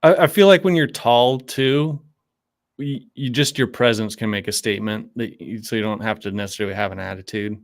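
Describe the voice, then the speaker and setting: A man co-hosting a casual chat, easygoing and quick to laugh. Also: fairly low pitch. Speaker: co-host.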